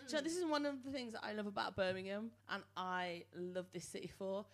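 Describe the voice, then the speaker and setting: A woman's voice: mid-range voice, a little fast. A woman presenter telling a rambling story in casual banter, laughing often.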